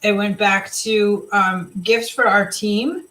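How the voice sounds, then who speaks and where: A woman's voice: medium pitch, steady tone, slow, a bit bright, a little hiss or hum, low-quality recording. A woman leading a live team video chat, talking casually and motivationally, rambling with fillers and restarts. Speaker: team leader.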